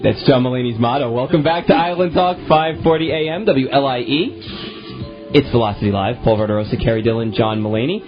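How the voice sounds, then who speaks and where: A man hosting a talk radio show, bantering bluntly and joking with his co-hosts on a lo-fi AM broadcast. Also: medium pitch. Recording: lo-fi AM radio broadcast with faint music.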